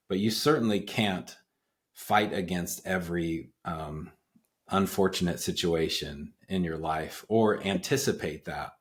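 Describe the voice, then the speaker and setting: Deep-voiced man telling a story. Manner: relaxed storyteller, many fillers. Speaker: podcast host. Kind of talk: casual conversation.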